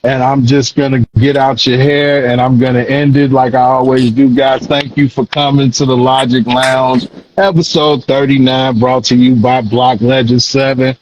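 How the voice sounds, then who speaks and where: A man's voice: medium pitch, little pitch movement, normal speed, lo-fi sound, a little hiss or hum. A man hosting a casual talk show podcast, full of slang and affectionate praise for his guest. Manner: hype, affectionate, loose slang. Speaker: podcast host.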